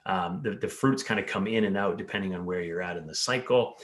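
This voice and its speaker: A man with a lowish voice talks through his health advice in an interview. He is earnest and explanatory, and he sometimes slips into the voices of the patients he describes. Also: a little fast. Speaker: pharmacist and health coach. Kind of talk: interview conversation.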